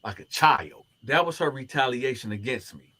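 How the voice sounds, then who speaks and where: This former prisoner has a mid-range voice with a breathy edge and talks at a normal speed. Telling a story to camera, he animates it by acting out the lines other people said.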